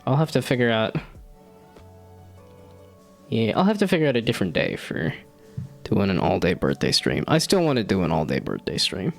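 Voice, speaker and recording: A man's voice: fairly low pitch, wildly swooping pitch, normal speed, gravelly, pauses often, soft background music. A man in his thirties chatting casually on a live stream, rambling and self-deprecating, laughing often. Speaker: streamer and hobby game developer.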